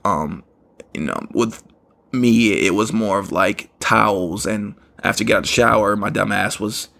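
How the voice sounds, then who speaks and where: Male podcast host, low and gravelly, rambling casual storyteller who laughs at himself. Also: normal speed, a bit bright. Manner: rambling, repeats "you know what I mean", laughs at himself.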